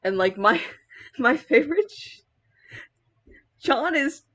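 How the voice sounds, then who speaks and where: A woman's voice: sits high, very animated, slow pace, fairly bright tone, lo-fi sound. Rambling, giggly young woman. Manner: rambling, heavy use of filler words; giggly, laughs mid-sentence. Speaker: cosplayer. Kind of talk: casual vlog chat while styling a wig.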